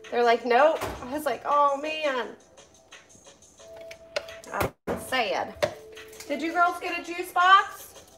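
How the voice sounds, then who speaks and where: A woman's voice: high-pitched, animated, a little slow, over loud music. A woman in her thirties chatting casually to her viewers while cooking at home, laughing often and breaking off to talk to her kids. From Pennsylvania, US. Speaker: vlogger. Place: home kitchen.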